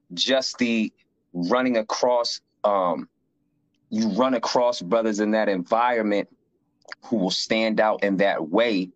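A man telling stories in conversation as a guest, acting out the voices of the people he quotes. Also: dry recording. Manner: lively, acts out quoted voices higher. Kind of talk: conversational storytelling. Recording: dry, slightly dull lo-fi sound.

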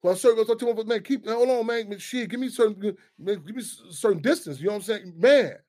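Animated high-voiced man. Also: fairly quick. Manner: animated, loose and profane street talk with many restarts. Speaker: radio show host. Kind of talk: casual radio talk.

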